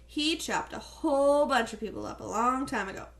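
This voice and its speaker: A woman's voice: high voice, expressive, normal speed. A woman reading an audiobook, voicing an eager teenage boy who chimes in to back up his friend.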